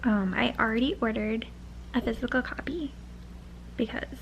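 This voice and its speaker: A young woman chatting in a casual reading vlog from her bed, dramatic and gushing, often dropping into a hushed half-whisper. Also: fairly high pitch, moderate pace, gravelly, dull audio, noisy background. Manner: dramatic, gushing, repeats herself. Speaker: book vlogger. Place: bedroom, in bed.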